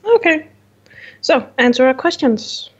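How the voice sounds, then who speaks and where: A woman's voice: high voice, animated, unhurried, slightly rough, highs cut off. A woman playing a tabletop game online, talking casually and thinking aloud with hesitations. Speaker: player.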